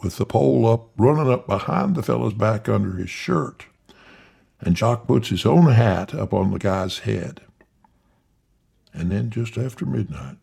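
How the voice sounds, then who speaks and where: A man telling a folksy tall tale in an unhurried, drawling yarn-spinning manner. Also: lowish voice, gravelly, a little mellow, husky. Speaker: storyteller.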